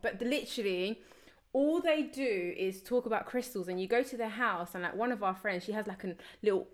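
A woman's voice: mid-range voice, a little fast. A woman hosting a podcast, chatting casually with many fillers. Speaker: podcast host. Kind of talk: casual chat.

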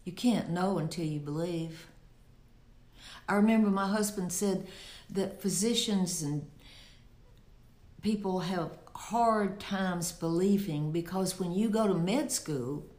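A woman's voice: fairly low pitch, takes it slowly, warm tone, roomy sound. A woman giving a Bible teaching in a conversational preaching style, often asking rhetorical questions. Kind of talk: sermon.

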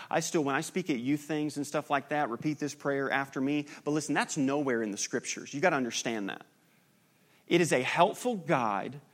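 Male pastor, thirties, slightly high voice, casual pulpit delivery that builds to fervor. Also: a bit bright. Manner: conversational, building to impassioned climax. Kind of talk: sermon.

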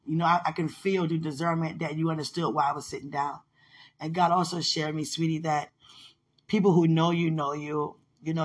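A woman's voice: deep voice, husky. A woman in casual, heartfelt one-sided talk, rambling and affectionate, often laughing, with religious phrasing.

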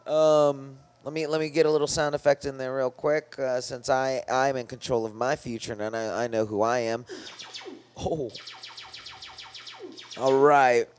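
A man's voice: mid-range voice, steady tone, measured pace, smooth, faint music behind. A young man co-hosting a podcast in loose, rambling casual chat, full of slang and swearing. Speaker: podcast co-host.

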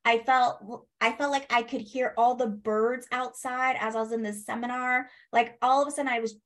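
A woman telling a personal story in a casual interview, animated, acting out what people said and laughing as she goes. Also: on the high side, moderate pace. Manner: animated, acts out quoted speech, laughs, swears. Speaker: guest.

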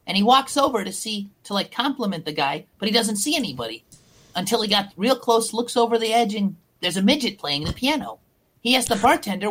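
A woman telling crude jokes in a casual, deadpan storytelling way. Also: medium pitch, brisk, slightly rough. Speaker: guest.

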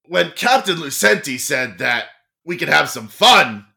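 Gravelly, lively game master. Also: mid-range voice, measured pace. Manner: playful, laughing often. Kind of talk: narrating a tabletop game.

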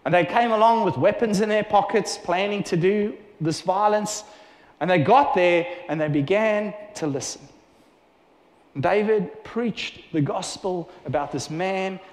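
Male preacher, fairly high voice, animated storyteller; roomy hall reverb. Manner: animated storytelling with acted-out dialogue. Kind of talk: sermon. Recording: echoey hall with long reverb.

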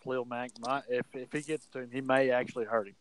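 Guy talking football slow with some stutters, mid pitch. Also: level tone, no echo, low-quality recording. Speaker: co-host picking games. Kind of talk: casual sports chat.

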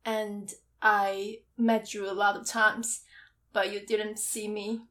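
A woman's voice: mid-range voice, level tone, takes it slowly, fairly bright tone. A woman guesting on a podcast, chatting casually with giggles and self-teasing. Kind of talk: casual chat.

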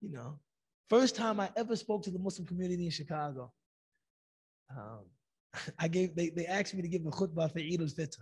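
A man's voice: fairly high pitch, moderate pace, pauses often, slightly rough. A man giving an Islamic lecture, telling stories animatedly and acting out quoted lines. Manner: animated storytelling, acts out quotes.

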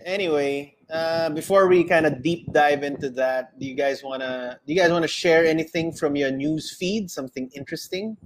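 A man with a Filipino accent, co-hosting a casual podcast chat, swearing often and telling animated stories. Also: a little high, normal speed, few pauses, slight background noise. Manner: swears a lot, animated storytelling. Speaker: podcast co-host.

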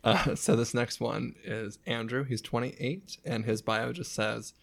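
A man's voice: mid-range voice, expressive, measured pace, vocal fry, few pauses. A man reading out dating profiles in a casual group chat, often breaking into laughter as he reads.

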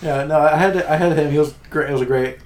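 A young man in casual chat, laid-back and halting, with lots of "like" and "uh". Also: fairly high pitch, steady tone, a little mellow.

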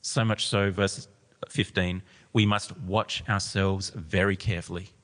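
A man's voice: deep voice, steady tone, a little slow, fairly bright tone. A man preaching a sermon, reading scripture aloud with emphasis and then explaining it to a gathered church. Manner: emphatic, reads scripture with rising intensity. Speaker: pastor. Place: church hall. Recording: long hall reverb.

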